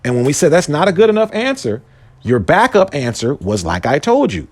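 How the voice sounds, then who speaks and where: A man delivers a heated, slangy commentary monologue as host of his show. His pitch swings widely, jumping up for emphasis and dropping low again. The delivery stays emphatic and argumentative throughout. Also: big pitch swings, a little fast. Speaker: podcast host.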